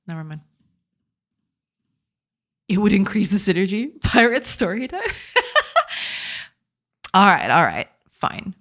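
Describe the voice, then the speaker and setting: Woman dev streamer through a voice changer, slow unhurried talk, giggles, lively up-and-down delivery while coding live. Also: mid-range voice. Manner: thinks aloud, giggly, explains step by step. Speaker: game developer streaming live.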